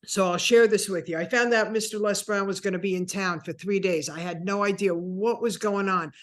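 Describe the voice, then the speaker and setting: A woman in her sixties, a guest telling a personal story with animated, acted-out dialogue. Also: medium pitch, a little fast. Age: 60s. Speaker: interview guest.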